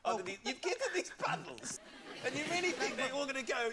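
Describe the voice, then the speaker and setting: A joking, animated man on a chat show, his voice pitched very high. A loud audience and heavy noise surround him. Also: quick pace, over a noisy crowd.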